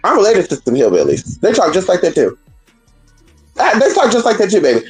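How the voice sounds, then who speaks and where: A woman's voice: medium pitch, big pitch swings, a little fast, a little mellow, faint music behind, poor audio. A woman talking to her stream in a casual, profane, rambling rant, calling her listeners "girl" and asking "hello?". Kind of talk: casual ranting monologue.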